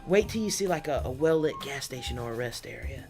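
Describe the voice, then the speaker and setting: A woman voicing her worried mother, speaking softly, lower and slower than her own voice. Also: expressive, music in the background. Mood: earnest. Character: worried southern mother, soft and earnest.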